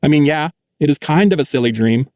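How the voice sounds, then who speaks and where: A man's voice: on the high side, animated, brisk, a little mellow, no room sound. Man narrating a wry first-person audiobook.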